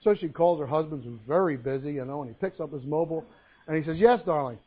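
High-voiced man preaching over a tinny line. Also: fast talker, breathy edge. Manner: folksy storytelling with jokes and Bible reading. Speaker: pastor. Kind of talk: sermon. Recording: phone-like narrow sound.

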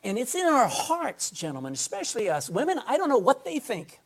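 A man's voice: very high voice, huge pitch swings, a little fast. A man preaching a sermon to a congregation, folksy and emphatic, often calling for an amen. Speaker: pastor. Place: indoor room with a congregation.

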